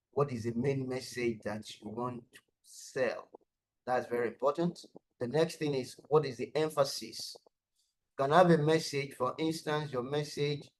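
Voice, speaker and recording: A man's voice: medium pitch, rough recording. A man presenting an online lesson on design thinking, explaining step by step and repeating key words for emphasis, over a video call. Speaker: webinar presenter.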